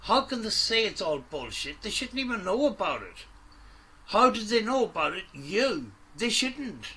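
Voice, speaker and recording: A man's voice: high-pitched, sing-song, normal speed, sharp tone, breathy edge. A man doing an angry, sweary reaction commentary, mocking and ranting at the video he watches. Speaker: commentary YouTuber.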